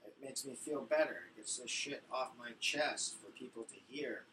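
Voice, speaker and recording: A man's voice: medium pitch, normal speed, bright, forceful tone. A man doing a stand-up set on a small stage, telling crude stories in a rambling way. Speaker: stand-up comic. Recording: far from mic, faint noise.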